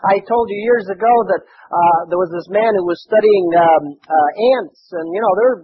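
A man's voice: high voice, moderate pace. A man preaching a sermon as pastor, quoting scripture and building in fervor. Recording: tinny phone-like broadcast with faint noise.

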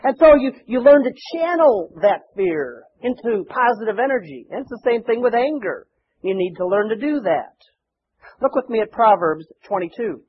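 A man's voice: sits high, slight background noise. A male pastor preaching a sermon in a conversational way, often asking rhetorical questions and repeating words. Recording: dull lo-fi church recording.

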